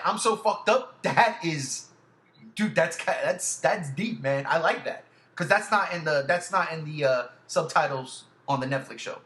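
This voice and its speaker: Guy with a high bright voice, swears a lot, gets loud fast, echoey room. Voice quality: loud animated outbursts, heavy swearing. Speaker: podcast co-host. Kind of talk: casual chat.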